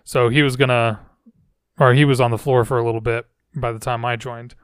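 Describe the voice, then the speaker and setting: A man's voice: mid-range voice, little pitch movement, brisk, smooth, no echo, studio quality. A man hosting a podcast, telling personal stories in a rambling, self-reflective way with frequent restarts. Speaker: podcast host. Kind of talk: casual storytelling monologue. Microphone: podcast microphone.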